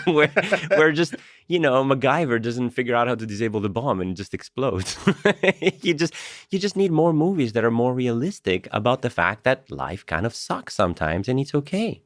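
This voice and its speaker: Animated man telling stories. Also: medium pitch, normal speed, dry recording, studio quality. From Greece. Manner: animated storyteller, laughs often, repeats words when starting. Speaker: guest, professor. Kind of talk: conversational podcast interview.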